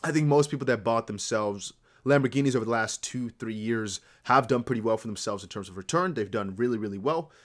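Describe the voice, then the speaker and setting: Here the Dutch crypto streamer's mid-range voice runs a little fast. He keeps up a loose, rambling, animated chat with his livestream audience, in near-American English carrying slight Dutch traces.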